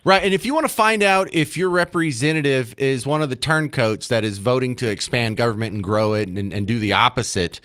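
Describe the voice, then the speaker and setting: A man hosting a radio talk show, brisk and lively, his pitch rising when he stresses a point. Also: dry recording. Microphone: studio mic. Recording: dry studio.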